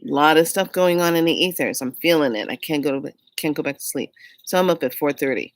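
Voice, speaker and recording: A woman telling a personal story in a casual, animated way, often laughing and acting out what people said. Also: sits low, fast talker, no room sound, low-quality recording. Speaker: vlogger.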